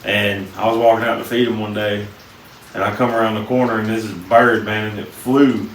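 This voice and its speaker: Casting note: laid-back man, mid-pitched, folksy yarn-teller, distant mic in a roomy basement. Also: steady tone, fairly quick. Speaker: podcast co-host. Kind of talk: casual chat. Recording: echoey room, mic at a distance, faint noise.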